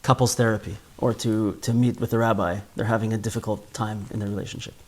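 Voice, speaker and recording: A man's voice: fairly low pitch, little pitch movement, quick pace, a little mellow. A man giving a spoken Torah class in an earnest way, often repeating words as he builds a point. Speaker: Torah teacher.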